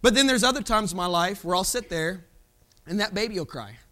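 Male lay preacher, strikingly high pitch, fervent sermon delivery, repeats his rhetorical questions. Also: expressive, a little fast, bright, forceful tone. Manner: calls congregation "folks".

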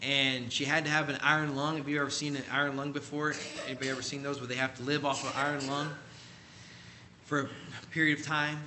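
A man's voice: mid-range voice, little pitch movement, fairly quick, pushed and bright, a little hiss or hum. A man preaching, telling a story emphatically and acting out the people he quotes. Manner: emphatic, acts out quoted voices. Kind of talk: sermon storytelling.

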